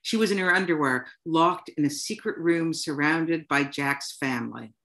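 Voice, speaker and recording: A woman author reading her own short story aloud to an audience, in a plain, unhurried storytelling manner. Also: low voice. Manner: unhurried, plain storytelling delivery with soft "um" fillers.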